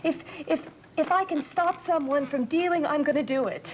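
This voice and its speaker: A woman's voice: high-pitched, normal speed, lo-fi sound, natural voice. A woman playing a nervous evasive witness. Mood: tense. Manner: hesitant, stammering, evasive. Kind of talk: 1980s soap opera acting.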